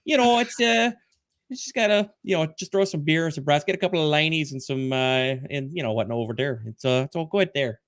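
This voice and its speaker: A man's voice: fairly high pitch, a little fast, a bit bright, no echo, studio quality. A man with a Midwestern American accent, co-hosting a stream with rambling, playful banter. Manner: rambling, playful, filler-heavy. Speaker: stream co-host. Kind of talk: casual banter.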